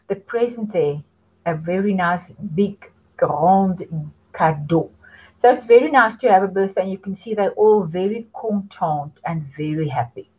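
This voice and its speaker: A female French teacher talks young learners through simple phrases, modelling each one slowly for them to say back. Her pitch rises and falls in a lively, sing-song way, and her voice has a slightly breathy, husky edge. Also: low-quality recording. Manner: slow, patient, sing-song prompting for repetition. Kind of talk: children's language lesson.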